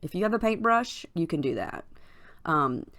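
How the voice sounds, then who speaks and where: A woman with a scratchy morning voice, casually narrating her craft process in a chatty, unhurried voiceover with plenty of fillers. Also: fairly low pitch, very animated, fairly bright tone. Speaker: crafting channel host. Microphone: voiceover recorded separately from the footage.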